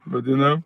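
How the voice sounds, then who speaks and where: A man's voice: on the high side, no echo, muffled recording. A man from northern Sweden with a Swedish accent, chatting casually on a live stream outdoors at night, laid-back and rambling with fillers and self-corrections.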